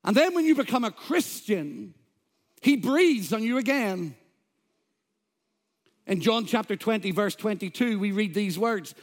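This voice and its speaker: High-voiced man preaching a sermon. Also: lively intonation, unhurried, long pauses. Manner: emphatic preaching with scripture quotes and humor. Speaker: pastor. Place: church.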